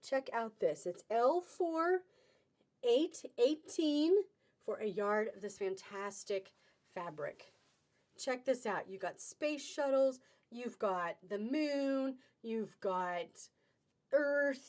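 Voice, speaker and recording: A woman's voice: on the high side, animated, slow. A middle-aged woman hosting a live fabric sale on webcam, chatty and upbeat with sing-song exclamations. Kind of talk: live-stream selling chat.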